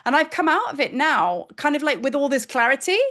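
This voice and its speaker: Animated woman in her fifties teaching. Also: high voice, fairly quick. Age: 50s. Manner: animated, chatty, acts out her own inner voice. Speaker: spiritual teacher. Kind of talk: casual spiritual teaching talk.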